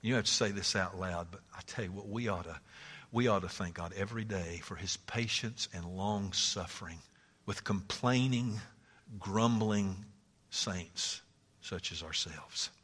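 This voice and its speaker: Animated preacher man in a reverberant hall. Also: sits low, unhurried, slightly rough. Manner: swings from loud exclamations to hushed asides, laughs often. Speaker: pastor. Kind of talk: sermon.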